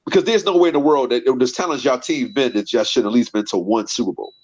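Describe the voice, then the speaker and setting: A man's voice: medium pitch, fast, a little mellow. A man debates football on a casual panel show. He argues his case and restarts his phrases often. His voice comes through muffled and lo-fi. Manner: argumentative, repeats words while building a point. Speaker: podcast co-host. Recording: dull lo-fi sound.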